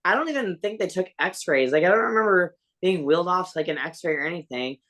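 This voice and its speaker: A woman's voice: fairly low pitch, expressive, fairly quick, fairly bright tone. A woman guest on a podcast telling a personal story in a rambling, casual way, full of "like" and fillers, swearing offhandedly.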